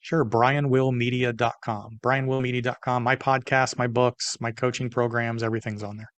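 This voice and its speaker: Older male guest, animated storyteller, mid pitch, dry close recording. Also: normal speed, no room sound. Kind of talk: casual storytelling interview.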